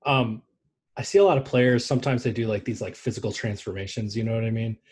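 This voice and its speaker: A man with a husky, slightly breathy voice rambles through sports news on a podcast. He jokes and swears freely in a loose, casual chat. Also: lowish voice, fast, a little mellow. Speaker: podcast co-host.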